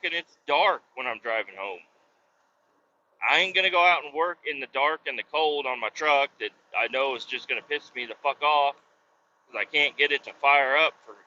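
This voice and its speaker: A man's voice: fairly high pitch, pushed and bright. A man hosting a podcast while driving, telling a rambling, swear-heavy story with exasperation. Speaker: podcast host. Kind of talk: casual rant while driving. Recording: dull lo-fi with faint road noise.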